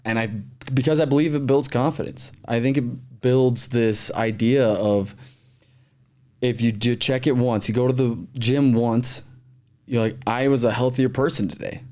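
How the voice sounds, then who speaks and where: Man, podcast host, mid-pitched voice, earnest, conversational. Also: steady tone, normal speed, darkish tone.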